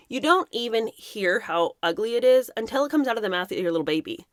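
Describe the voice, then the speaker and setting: Emphatic woman with a lively voice. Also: on the high side, fast, few pauses, dry recording, studio quality. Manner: emphatic, indignant, mocking impressions. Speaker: commentary host. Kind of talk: impassioned commentary.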